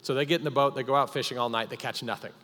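A man's voice: medium pitch, fairly even intonation, rapid-fire, pushed and bright. A male pastor preaching a sermon at a live church service, retelling a story dramatically with emphatic repetitions. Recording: long reverb of a church hall.

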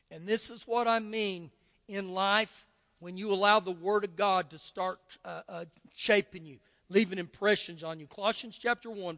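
Repeating key phrases to drive his points home, an older Texan-accented man preaches a sermon as pastor in a church sanctuary. His voice sits high and sounds fairly bright, carried by long hall reverb.

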